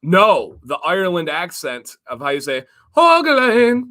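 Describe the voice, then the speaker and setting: A man's voice: on the high side, normal speed, pushed and bright. A man co-hosting a casual live stream, chatty and upbeat, greeting viewers and reading their comments. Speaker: livestream co-host.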